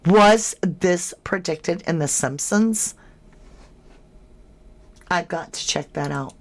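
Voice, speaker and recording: A woman hosts a casual livestream, reading viewers' comments aloud and answering them in a friendly, chatty way. She talks slowly and unhurriedly, and her voice sits a little low. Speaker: true crime livestream host.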